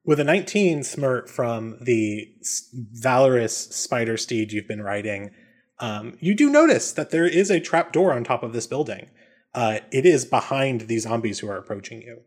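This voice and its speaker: Male game master, easygoing narration with plenty of filler ums, average pitch. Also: normal speed. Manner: relaxed, many ums and uhs.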